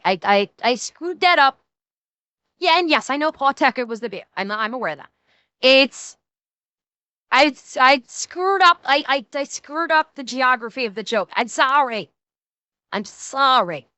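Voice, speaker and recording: A woman streamer in casual, animated chat, rambling and profane, correcting herself often. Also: sits high, clean tone, no room sound.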